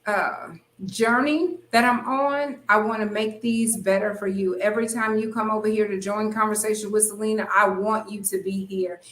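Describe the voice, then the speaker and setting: A woman's voice: medium pitch, fairly even intonation, moderate pace, hardly any pauses, a bit bright, reverberant, rough recording. A woman hosting a casual live stream, chatting and reading viewer comments aloud. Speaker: host.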